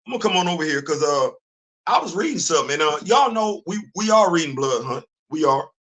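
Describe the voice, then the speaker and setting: A man hosting a comics show, talking casually to his viewers in an animated way, repeating himself and getting loud when worked up. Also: a little high, quick pace, low-quality recording.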